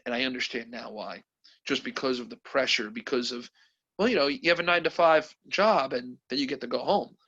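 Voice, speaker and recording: A man, a company president, telling candid stories in an interview with animated, emotional delivery over a video call. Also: medium pitch, fairly quick, muffled recording. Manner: animated, emotional, quotes others with voices. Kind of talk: candid storytelling.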